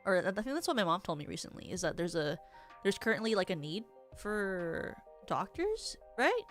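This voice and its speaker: A young woman streamer talking in a chatty, rambling way, full of filler words and theatrical jumps. She calls herself yappy, and her voice sits in a middle pitch with some faint music playing behind her. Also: big pitch swings, normal speed. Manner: self-described yappy, theatrical. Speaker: VTuber streamer. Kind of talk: casual stream chat.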